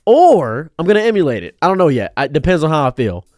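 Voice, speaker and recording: A man's voice: very animated, fast talker, no echo. Exasperated man ranting into a dry mic. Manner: exasperated, profane, swinging between shouted outbursts and low muttering. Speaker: commentary streamer. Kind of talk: angry reaction rant.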